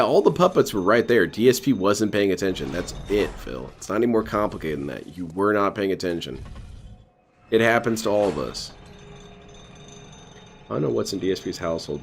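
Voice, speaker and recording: A man's voice: deep voice, animated, fairly quick, a little hiss or hum. A man hosting a live restream, making sarcastic, mocking jokes and going off on absurd tangents. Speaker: host reacting to a restreamed gameplay video. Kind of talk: casual live commentary.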